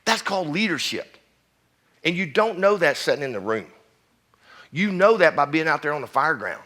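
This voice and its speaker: Blunt fire chief, bright voice. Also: male voice, on the high side, big pitch swings, normal speed. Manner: blunt, preachy, keeps asking the crowd questions. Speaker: fire chief speaking at a conference. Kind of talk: fiery conference speech.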